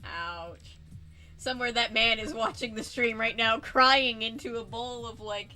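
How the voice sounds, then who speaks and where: A woman's voice: on the high side, measured pace, bright, forceful tone, faint music behind. A woman hosting a let's-play, joking sarcastically with her guest and laughing often. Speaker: host playing a video game. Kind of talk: casual let's-play banter.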